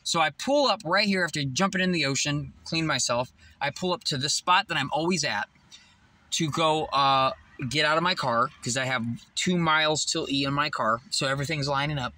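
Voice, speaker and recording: A young man vlogging outdoors beside his car, telling a rambling, excitable story and swearing freely. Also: a little high, moderate pace. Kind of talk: casual vlog storytelling. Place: outdoors by a tree near his parked car.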